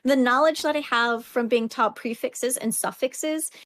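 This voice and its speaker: Woman, higher pitch, giggles, trails off, no room sound. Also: unhurried, a bit bright, no echo. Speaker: streamer guest. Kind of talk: casual chat.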